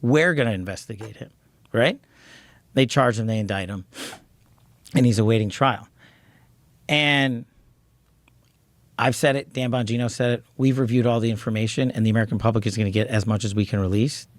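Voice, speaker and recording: A man's voice: lowish voice, fairly even intonation, a little fast, long pauses, no room sound. A man answering as a guest in an interview, speaking earnestly with many tag questions and restarted words.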